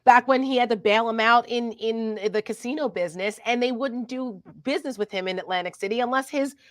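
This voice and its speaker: A woman's voice: on the high side, a little fast, dry recording, clean studio sound. A woman co-hosting a casual political chat, chatty, with many fillers and laughs. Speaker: co-host.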